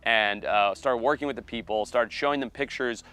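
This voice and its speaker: A man, a wildlife biologist and TV host, telling a story in a casual, animated way. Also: medium pitch, moderate pace, smooth. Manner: animated, acts out quoted voices.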